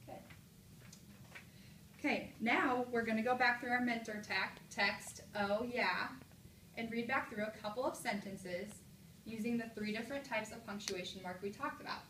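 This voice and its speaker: A woman teacher giving a classroom mini lesson, with clear, encouraging prompts and slow, exaggerated example sentences. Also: on the high side, a bit bright. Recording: echoey room from a distance, light noise.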